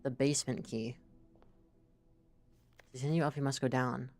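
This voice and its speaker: A woman streamer giving live commentary as she plays a game, reacting out loud, swearing and reading in-game text aloud. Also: rumbling low, fairly even intonation, a little fast, long pauses, dry recording, soft background music.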